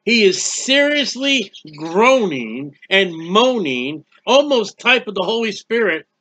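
A man's voice: high voice, big pitch swings, slow, sharp tone. A man giving a conversational Bible teaching, emphatic and acting out quoted prayers and speeches.

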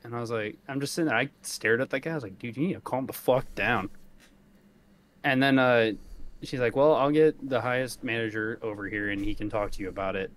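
A man's voice: mid-range voice, quick pace, fairly bright tone. A man on a podcast telling a rant-filled story in casual chat, swearing often and laughing as he goes. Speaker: podcast co-host.

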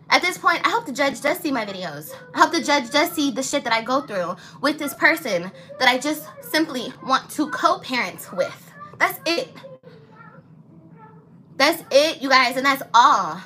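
A young woman vents on a livestream in a blunt, angry, swearing manner. Her voice sits high and sounds bright and sharp. A faint noise floor runs under the recording. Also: low-quality recording. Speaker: vlogger. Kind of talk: livestream vlog.

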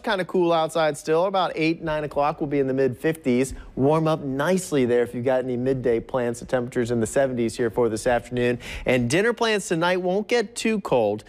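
A man presenting a live TV weather forecast in an upbeat, conversational way, stretching words for emphasis. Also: mid-range voice. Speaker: TV meteorologist.

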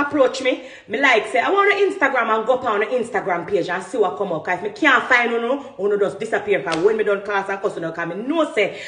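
This woman's slightly high voice comes out pushed and bright in an echoey room. Ranting to camera as a vlogger with a Jamaican Patois accent, she sounds fiery and defiant, hammering each point with repetition.

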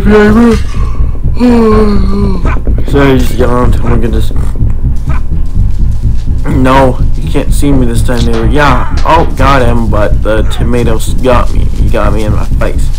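A man giving playful, excitable commentary as he plays a video game, talking to the characters and cheering his own moves. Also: mid-range voice. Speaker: gaming YouTuber.

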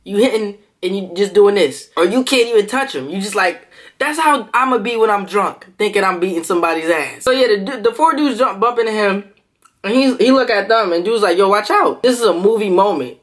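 Animated man telling a story. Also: sits high, a little fast. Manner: animated, jumps into quoted voices, laughs often. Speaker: food vlogger. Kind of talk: casual storytelling to camera.

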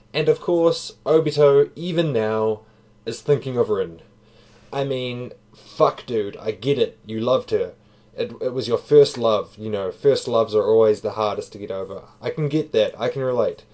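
A man's voice: on the low side, a little slow, darkish tone. A man giving a casual spoken review, tired, talking loosely and profanely with fillers. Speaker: manga reviewer.

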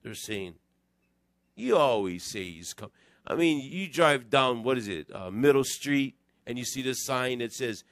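A man preaching a conversational sermon in church, telling stories in an animated, digressive way. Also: medium pitch, moderate pace, hardly any pauses, no echo, studio quality. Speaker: pastor.

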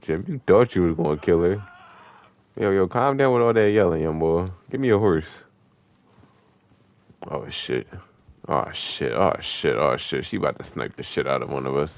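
A man with a low, deep voice talks through an online gunfight as he plays. His speech is loose, slangy trash talk that breaks into excited yelps. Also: moderate pace, pauses often, no echo. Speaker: gaming streamer. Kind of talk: live gameplay commentary.

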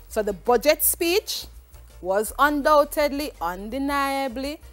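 A woman teacher giving a televised exam lesson, questioning and encouraging as she explains step by step. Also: on the high side.

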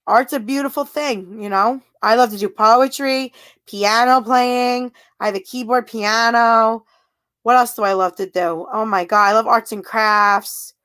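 A woman talking at a slow, easy pace in a high voice, chatting casually with viewers on her livestream. She giggles often and sounds flattered as she answers their comments. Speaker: livestream host.

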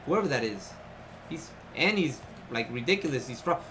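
A man giving live commentary on his own video game play, excitable and often frustrated, tossing in "man" and "yo" a lot. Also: medium pitch, normal speed. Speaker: gaming YouTuber.

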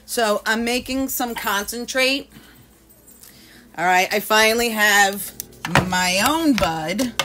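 A woman's voice: medium pitch, slow pace, pushed and bright. A woman chatting casually on a livestream, swearing freely and greeting viewers by name. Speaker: vlogger.

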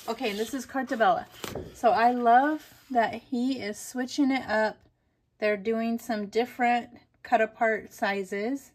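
A woman's voice: medium pitch, a little hiss or hum. A woman vlogger chatting casually and enthusiastically through a craft product haul, giggling often.

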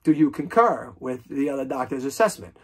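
A man acting out a smooth young con man posing as a doctor, questioning another doctor with breezy confidence. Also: medium pitch, lively intonation, brisk. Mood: breezy bluff.

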